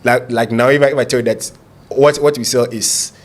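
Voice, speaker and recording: A man, a business founder telling lively stories in an interview, acting out quotes and laughing often. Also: medium pitch, brisk. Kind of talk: storytelling in a podcast interview.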